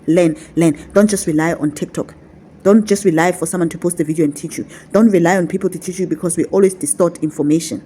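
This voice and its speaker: A woman's voice: on the low side, mellow, breathy edge. A woman talking to her viewers as a spiritual teacher, repeating her points in a coaxing, affectionate way. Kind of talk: casual vlog teaching.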